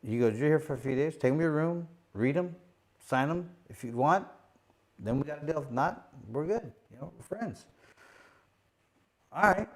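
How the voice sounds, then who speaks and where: A middle-aged host who was once a boxing champion relaxes into casual storytelling, his voice pitched a little above most men's. Speaking at a moderate pace and pausing often, he repeats fillers and lively impersonates the people he quotes.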